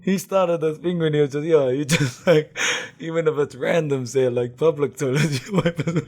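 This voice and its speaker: A young man with a New Zealand accent chats casually as a guest, relaxed and laughing, using lots of slang and fillers. His voice is a little high with a darkish tone, and he speaks at a moderate pace.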